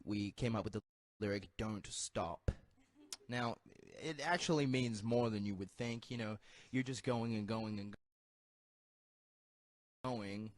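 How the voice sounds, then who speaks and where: A man's voice: lowish voice, no echo. An Australian man in a casual interview, telling mock-serious jokes in a dry way. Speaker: band member interviewed.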